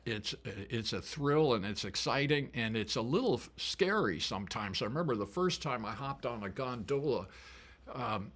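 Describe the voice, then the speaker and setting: A man's voice: medium pitch, fairly bright tone. An older man telling stories in a casual, folksy way, chuckling often as he talks. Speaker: musician and storyteller. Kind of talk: casual spoken storytelling.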